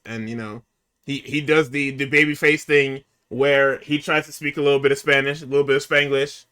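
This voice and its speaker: A man hosting a casual podcast, recapping a show in an exasperated, profane and animated way. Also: on the high side, normal speed. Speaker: podcast host recapping wrestling.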